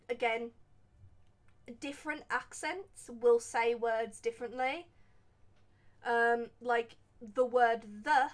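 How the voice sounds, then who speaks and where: A woman from England with an English accent, chatting casually and rambling as she plays a game on stream, laughing at herself. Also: a little high. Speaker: gaming streamer. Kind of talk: casual let's-play commentary.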